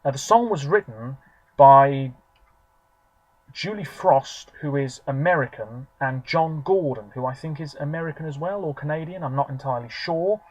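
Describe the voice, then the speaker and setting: Chatty young man, slightly high. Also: moderate pace, darkish tone, dry recording, rough recording. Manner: chatty, rambling, many fillers. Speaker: video reviewer. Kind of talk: casual solo review monologue.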